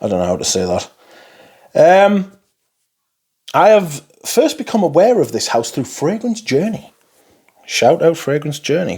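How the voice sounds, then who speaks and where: Husky man chatting slowly. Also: a little high, a little mellow. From Newcastle, England. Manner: chatty and rambling, swears freely, addresses viewers as friends. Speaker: fragrance reviewer. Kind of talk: casual chat to camera.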